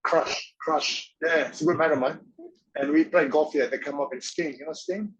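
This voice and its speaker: A man's voice: on the high side, moderate pace, highs cut off. A man, a guest in a casual interview, rambling through stories and acting out the voices of the people he quotes. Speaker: interview guest, former wrestler and actor.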